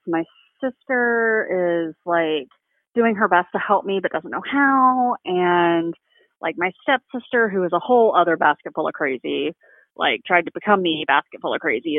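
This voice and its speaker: A Southern United States woman speaks as a guest in a casual chat, frank, blunt and swearing freely. Her voice is lowish and the recording is dry, with a narrow, phone-like sound.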